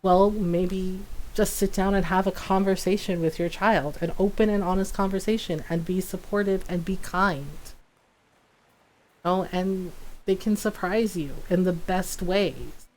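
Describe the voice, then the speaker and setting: A woman's voice: on the low side, fairly even intonation, measured pace, a little mellow, poor audio. A woman livestreaming a game, chatting casually and earnestly, often laughing. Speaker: streamer.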